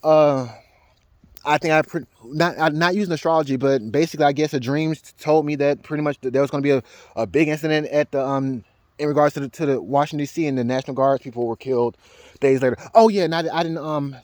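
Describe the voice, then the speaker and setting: A young man telling a rambling personal story as a vlogger, halting and repeating words, laughing often and swearing. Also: a little high, no room sound.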